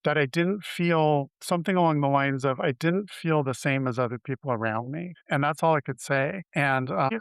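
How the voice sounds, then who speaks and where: Smooth-voiced man in his fifties. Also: a little high, no echo. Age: 50s. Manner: candid, halting, with frequent restarts. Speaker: interview guest. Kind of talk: personal storytelling in an interview.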